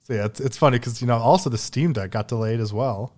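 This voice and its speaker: A man's voice: medium pitch, quick pace, a little mellow. A man hosting a casual gaming podcast, joking and theatrical, often laughing. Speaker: podcast host. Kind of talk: casual chat.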